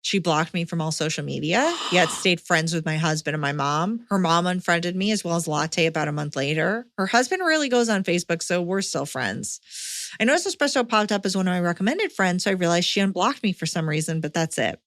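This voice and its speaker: A woman's voice: on the low side, brisk, no echo, studio quality. Sex: woman. Role: podcast host, reading a listener letter. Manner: expressive reading, breaks in with blunt, swearing reactions. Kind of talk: reading a listener letter aloud, with casual asides.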